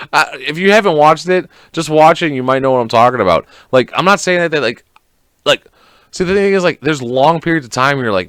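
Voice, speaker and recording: A man's voice: medium pitch, expressive, fast, a bit bright, no room sound. A man hosting a casual solo podcast, rambling and swearing a lot and acting out scenes in quoted voices. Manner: rambling, profane, lots of fillers. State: sick. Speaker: podcast host.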